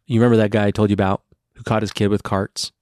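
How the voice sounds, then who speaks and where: A man's voice: lowish voice, flat delivery, quick pace, a little mellow, clear, resonant tone, no echo, studio quality. A man co-hosting a casual podcast as a parent, telling rambling stories and swearing freely.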